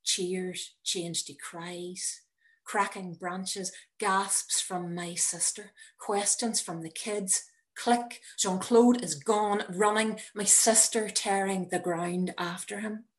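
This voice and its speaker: A woman reading her own personal story aloud in a measured, wry manner. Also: medium pitch, steady tone. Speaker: narrator.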